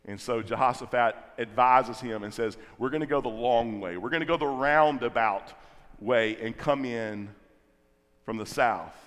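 A man's voice: medium pitch, moderate pace, a bit bright, big-room sound. A man preaching a sermon, retelling scripture and building to fervent, emphatic repetition. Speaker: pastor.

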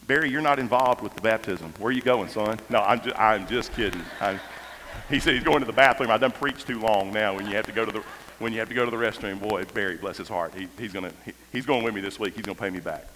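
Pastor preaching in a hall. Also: male voice, fairly low pitch, fast talker, fairly bright tone. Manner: conversational, repeats and restarts, builds to impassioned. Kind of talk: storytelling sermon. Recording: reverberant hall, faint noise.

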